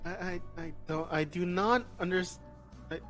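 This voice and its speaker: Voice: medium pitch, unhurried, fairly bright tone, faint music behind, lightly acted. A game master voicing a nervous, bewildered young blind woman singer who stammers.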